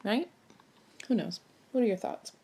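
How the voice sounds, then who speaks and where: A woman's voice: on the high side, lively intonation, a little slow, mellow, slightly rough. A woman from Maryland chatting casually while she stitches, rambling and musing aloud with lots of self-questions. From Maryland, United States. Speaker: cross-stitch vlogger.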